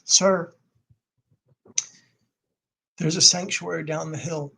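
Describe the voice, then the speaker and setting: A man voicing a kind female shelter worker who speaks gently and helpfully, in a husky voice. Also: fairly high pitch, level tone, slow pace, full character voice. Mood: gentle.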